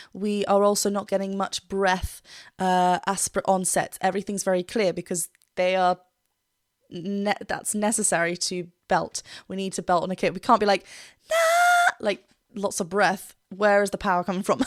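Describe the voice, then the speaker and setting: A woman's voice: medium pitch, dry recording, studio quality. A woman vocal coach giving a reaction and analysis commentary, explaining technique and breaking into short sung demonstrations.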